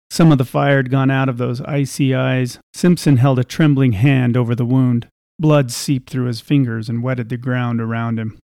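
A man reading a scripted story aloud in a measured, even way. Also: medium pitch, no echo, studio quality.

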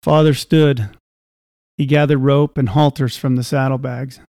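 Guy reading a story out loud, even and measured, warm mellow voice. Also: medium pitch, dry recording, studio quality. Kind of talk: scripted story narration.

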